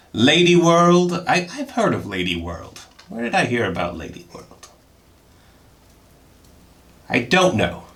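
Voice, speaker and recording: A man chatting casually while he unboxes films, excitable and jokey, often bursting into high-pitched exclamations. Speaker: film vlogger.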